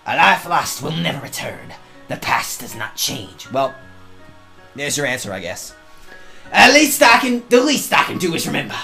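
Sarcastic lets play host yelling at a dating game, lively bright voice, music faint behind. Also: medium pitch, moderate pace, gravelly. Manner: sarcastic, swearing, mocking the game loudly. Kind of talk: let's play commentary with read-aloud game text.

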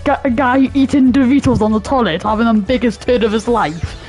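Woman, gamer, high voice, slow talk, joking, clear game music behind. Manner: rambling, joking, yelling at the game. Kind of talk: casual gaming commentary.

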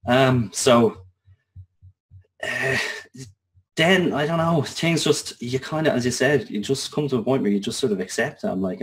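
A man's voice: mid-range voice, animated, moderate pace, low-quality recording. A man in his thirties with an Irish accent, a guest in an interview, recounting his past in an earnest, conversational way with casual swearing. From Ireland. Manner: earnest, conversational, swearing, with frequent restarts and fillers. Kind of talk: personal storytelling in an interview.

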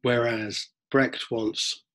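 A man's voice: medium pitch, flat delivery, very slow, pushed and bright, poor audio. A man with a London accent, a drama teacher giving a rambling lecture and repeating words as he works through his thoughts. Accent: London English. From England. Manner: discursive, repeats words while thinking, acts out theatregoers in mock voices. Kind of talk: explanatory lecture.

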